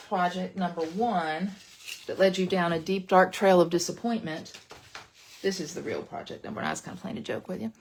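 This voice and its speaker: A woman leading a casual live papercraft demo, chatty, playful and excitable, often dropping into gushing whispers. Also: medium pitch, creaky, slight background noise. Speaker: papercraft demonstrator.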